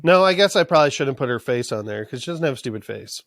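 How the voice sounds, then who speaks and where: A man's voice: medium pitch, animated, fast, gravelly, fairly bright tone, dry recording, studio quality. A man co-hosting a podcast in a casual recap chat, who laughs often, trails off with fillers and cracks blunt jokes. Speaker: podcast co-host.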